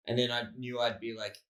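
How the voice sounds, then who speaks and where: Here a Melbourne-born comic and podcast co-host speaks in a pushed, bright, mid-range voice. His storytelling rambles, he swears without restraint, and he plays out the dialogue of the people involved.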